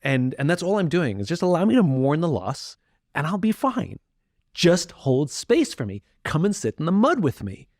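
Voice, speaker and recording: A man talking as a podcast guest, candid and self-reflective, sometimes acting out the voices of the people he quotes. His pitch sits in the middle range for a man. The sound is dry and close, with no room echo. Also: darkish tone. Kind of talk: reflective conversational talk.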